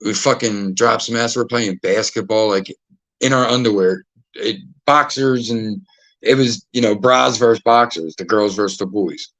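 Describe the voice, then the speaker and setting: A man's voice: on the low side, normal speed, fairly bright tone, no room sound, rough recording. A man, a podcast host telling casual stories full of swearing and acting out other people's lines. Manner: profane, acts out quoted voices. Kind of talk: casual storytelling.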